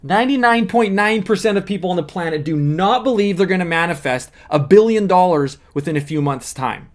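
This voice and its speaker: Coach type, high male voice, earnest explainer who repeats the key points. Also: animated, a little fast. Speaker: manifesting coach. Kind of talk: motivational teaching monologue.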